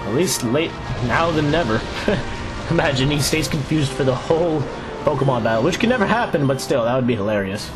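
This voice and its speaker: A man casually commenting on his own video game play, chatty and excitable, laughing often. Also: mid-range voice, a little fast. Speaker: Let's Play host. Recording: game music playing underneath. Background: video game music.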